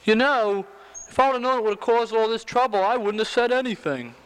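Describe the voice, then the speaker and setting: A man's voice: very high-pitched, brisk, pitched above the performer's own voice, low-quality recording. A man voicing a wisecracking male talking dog in a told joke, with a dry punchline delivery. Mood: sheepish.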